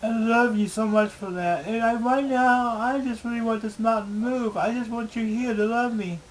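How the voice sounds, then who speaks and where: A man recording a video diary at home on a camera mic, pleading and repeating himself in halting, emotional speech. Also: very high-pitched, fairly even intonation, slight background noise, rough recording. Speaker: video blogger.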